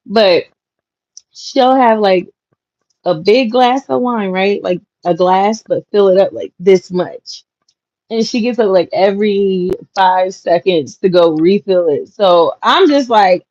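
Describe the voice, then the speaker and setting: A woman's voice: mid-range voice, a little slow, a little mellow, no room sound. A young woman hosting a casual livestream from home, chatting with viewers, reading their comments and laughing often. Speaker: livestream host. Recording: dull lo-fi livestream audio, dry.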